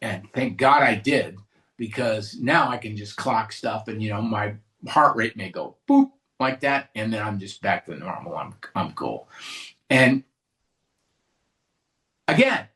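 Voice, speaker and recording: A man's voice: on the low side, sing-song, a little slow, fairly bright tone. A man from California sharing his recovery story at a meeting, candid and conversational, with restarts and asides. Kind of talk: personal recovery share to a live group.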